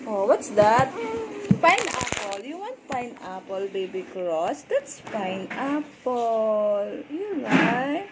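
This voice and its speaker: A woman's voice: a little high, sing-song, slow, poor audio. A woman, coaxing and playfully baby-talking to a little child in a home video. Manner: sing-song baby talk, coaxing and playful. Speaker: mother or caregiver filming a baby. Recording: home video with loud background music.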